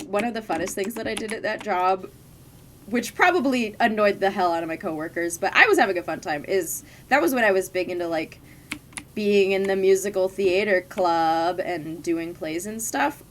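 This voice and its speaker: While gaming, a young adult woman streamer chats casually, rambling through stories from her past jobs and laughing often. Her medium-pitched voice is animated and fairly bright at a moderate pace, with a little hiss or hum.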